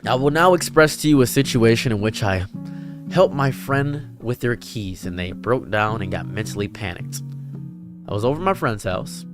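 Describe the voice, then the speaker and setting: Earnest man with a lively, swooping voice. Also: medium pitch, normal speed. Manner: earnest, preachy and dramatic. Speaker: streamer and commentary creator. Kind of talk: reflective storytelling monologue. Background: faint guitar music.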